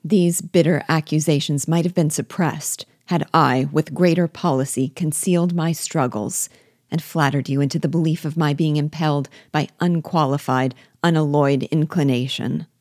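A proud, cold gentleman, as a woman reads him. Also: low-pitched, steady tone, moderate pace, no room sound, clean studio sound.

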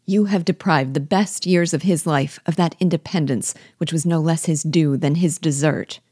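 A spirited, indignant young woman speaks with force, voiced by a woman reading aloud. Her voice is low and warm, and the recording is close and dry. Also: normal speed, breathy edge, no room sound.

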